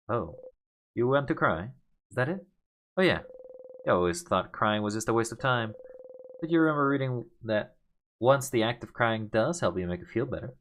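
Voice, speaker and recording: A man's voice: medium pitch, lively intonation, normal speed, a bit bright, slight background noise. A young man hosting a casual let's play, reading the game's text aloud with big dramatic swings and muttering asides.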